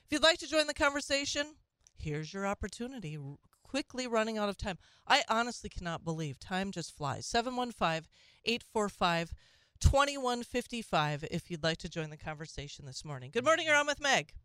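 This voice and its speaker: A woman's voice: medium pitch, very animated, a little fast, bright, forceful tone, clean tone, no room sound, studio quality. A woman hosting a call-in talk radio show, speaking conversationally with frequent restarts and asides.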